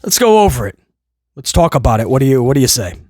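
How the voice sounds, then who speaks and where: A man hosting a wrestling review, ranting sarcastically and swinging between loud mocking outbursts and low muttering. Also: sing-song, fast talker, no echo, clean studio sound. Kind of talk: opinionated review rant.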